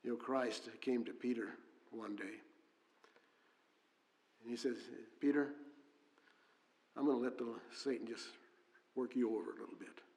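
A man's voice: medium pitch, steady tone, unhurried, pauses often, darkish tone. A man preaching a sermon with earnest delivery, reading scripture aloud and often restarting with fillers. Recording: long hall reverb.

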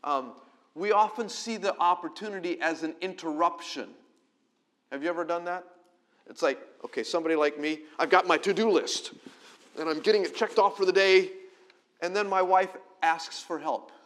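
A middle-aged man, a pastor, preaching a conversational sermon that swings between loud emphasis and quiet, close delivery. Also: high-pitched, moderate pace.

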